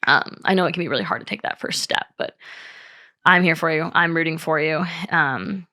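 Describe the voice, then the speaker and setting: A young woman hosts her own podcast in a casual, confessional chat. Her voice sits a little low but swings widely, with a bright, forward tone. She talks openly, peppering her speech with "like," "um," and plenty of swearing. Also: animated, a little fast. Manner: candid, swears often, many "like" and "um" fillers. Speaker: podcast host.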